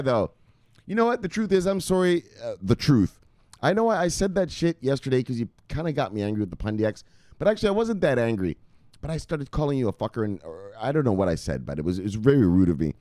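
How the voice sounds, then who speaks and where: Man, low voice, huge pitch swings, rowdy, swearing, shouted catchphrases, casual host, dry close sound. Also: big pitch swings, normal speed, no echo. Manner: rowdy, swears freely, shouts bursts of catchphrases between low muttered asides. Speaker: crypto video host. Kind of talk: casual commentary reading out viewer comments.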